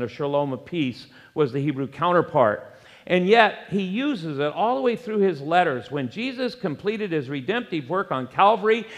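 A man preaching a sermon as pastor, emphatic, with wide swings between loud, raised phrases and low, quiet ones. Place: church sanctuary. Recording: long hall reverb.

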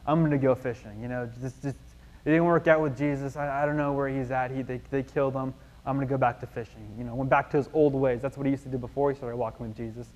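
A man's voice: mid-range voice, darkish tone. A man preaching a sermon, retelling the story casually with many fillers and restarts. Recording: long hall reverb.

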